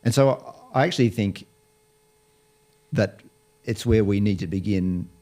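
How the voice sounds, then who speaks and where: A man's voice: fairly low pitch, normal speed, mellow. A man speaking as an interview guest, explaining his views in a thoughtful way with frequent restarts. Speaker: Bible college lecturer, guest. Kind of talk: conversational interview.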